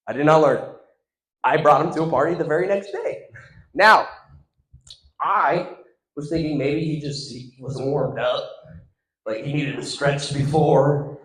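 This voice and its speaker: A young man doing stand-up, telling an animated story and acting out the other people in it. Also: fairly high pitch. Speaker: stand-up comedian. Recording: echoey room.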